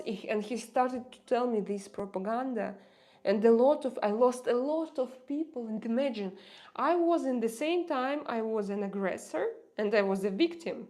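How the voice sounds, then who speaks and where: Halting Russian-accented woman streamer. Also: a little high, darkish tone. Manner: halting, searches for words, frequent restarts. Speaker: livestream host. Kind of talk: casual livestream chat with viewers.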